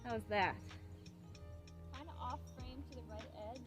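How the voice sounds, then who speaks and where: A young woman live-streaming herself fishing from a pond shore, chatting playfully to her viewers and getting loudly excited over a big catch. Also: fairly high pitch, unhurried, over loud music. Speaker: fishing vlogger. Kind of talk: casual live-stream chat.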